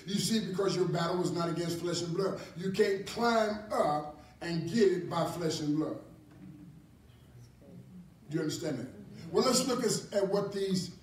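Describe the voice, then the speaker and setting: Animated preacher guy, repeats himself, chuckles a lot, faint hiss behind him. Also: high voice, a little slow. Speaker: apostle teaching a ministry class. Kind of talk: preaching Bible class sermon. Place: church hall. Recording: echoey hall from far off, faint noise.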